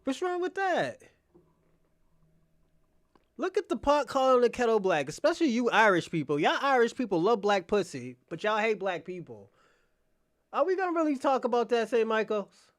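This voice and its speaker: A man with a notably high speaking voice hosts a casual live stream. He talks straight to viewers by name, needling and teasing them in a loud, crude, mocking way. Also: big pitch swings, moderate pace. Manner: brash, mocking and profane, addressing chatters by name. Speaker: livestream podcast host.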